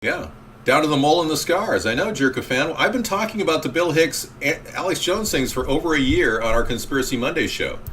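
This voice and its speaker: A man's voice: a little high, lively intonation, a little fast, fairly bright tone, slight background noise. A man hosting a casual call-in talk show, rambling and reacting to callers and chat.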